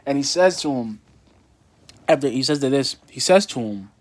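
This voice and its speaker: A man's voice: mid-range voice, animated, moderate pace. A young man casually recapping a wrestling show, rambling with many fillers and restarts.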